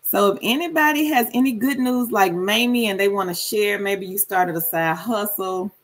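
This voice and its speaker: A woman hosting a casual livestream, reading viewer comments aloud and greeting people by name, sometimes in a sudden high sing-song call. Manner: slow, drawn-out delivery. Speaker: livestream host.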